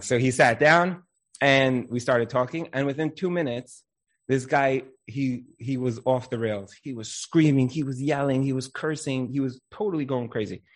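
A man in his thirties, a counselor giving an inspirational talk, who tells stories and acts out the people in them, sprinkling in Hebrew religious terms. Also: medium pitch. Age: 30s. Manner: animated storyteller who acts out quoted voices. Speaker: marriage counselor and Torah speaker.

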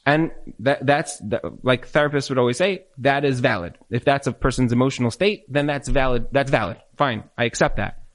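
A man lecturing in a question-and-answer session, animated and acting out bits of dialogue as he explains. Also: mid-range voice, fairly quick. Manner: animated, acts out quoted dialogue. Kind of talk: Q&A talk on marriage.

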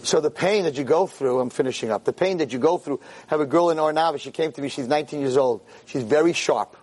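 A man giving an inspirational Torah talk, an animated storyteller who acts out the voices of the people in his stories. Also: a little high, fast talker. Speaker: Torah lecturer.

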